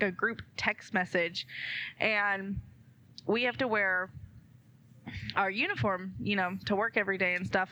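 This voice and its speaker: A woman's voice: medium pitch, pushed and bright. A woman co-hosting a comedy podcast, telling a story casually with many hesitations and laughs. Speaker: podcast co-host. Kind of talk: casual chat.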